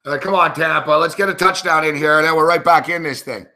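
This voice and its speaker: A man's voice: on the high side, fast talker, pushed and bright. A man, a sports betting analyst, giving frustrated, profane live reactions to a football game.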